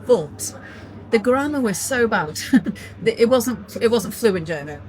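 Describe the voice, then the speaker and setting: A woman's voice: on the high side, expressive, slow pace, a little mellow, a little hiss or hum, rough recording. A woman co-hosting a casual film podcast, chatty and opinionated, swearing casually and laughing often. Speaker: podcast co-host.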